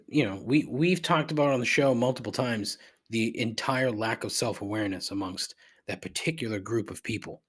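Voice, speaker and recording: Husky middle-aged guy ranting on his podcast, lots of cursing and repeats. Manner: rambling and repetitive, swears freely, rises in pitch when riled. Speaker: podcast host. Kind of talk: casual profane ranting monologue.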